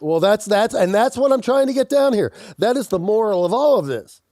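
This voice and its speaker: A man's voice: sits high, a little fast, no room sound, clean studio sound. A man co-hosting a podcast in casual chat, with an intense, aggressive-sounding way of talking and frequent laughs. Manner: animated storytelling, laughs often. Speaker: podcast co-host.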